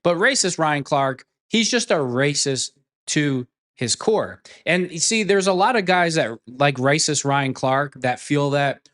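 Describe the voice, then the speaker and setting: A man's voice: a little high, lively intonation, measured pace, fairly bright tone. A man giving a heated opinion rant as an online commentator, blunt and profane, repeating phrases for emphasis.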